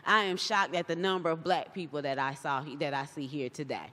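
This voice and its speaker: A woman giving a casual talk to a live audience, chatty and animated, often acting out what other people said. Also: low voice, brisk. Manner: chatty and animated, acts out quoted voices. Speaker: guest speaker. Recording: long hall reverb.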